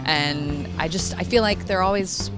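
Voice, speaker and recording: A woman's voice: fairly low pitch, a little slow. A woman answering a street interview, hesitant and giggly. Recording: music under street interview.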